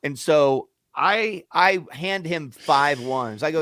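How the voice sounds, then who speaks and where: A man co-hosting a radio show, telling a story with animated, profane energy and acting out arguments. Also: medium pitch, normal speed, hardly any pauses, dry recording, studio quality. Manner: profane, acts out shouting matches in quotes.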